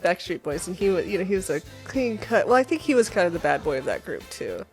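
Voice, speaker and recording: A woman's voice: on the low side, sing-song, fast, a little mellow, soft background music. A woman from South Dakota raised in the American South, co-hosting a podcast in a chatty, playful way and laughing often. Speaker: podcast co-host. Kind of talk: casual chat.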